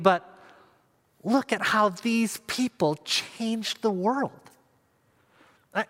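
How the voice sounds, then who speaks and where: Slow, high-voiced preaching man. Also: sharp tone, long reverb tail. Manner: earnest preaching with measured pauses and emphatic repetition. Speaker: pastor. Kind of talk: sermon.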